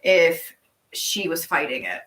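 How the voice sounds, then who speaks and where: A woman co-hosting a casual livestream Q&A from her farm, telling stories in a chatty, animated way. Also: sits low, takes it slowly, echoey room, low-quality recording. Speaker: farm co-owner and livestream host.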